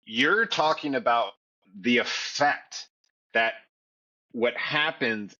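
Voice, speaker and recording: On a candid recovery podcast, a male co-host bluntly and profanely recounts how he got sober. His mid-range voice is bright and forceful, he takes his time, and the recording sounds muffled.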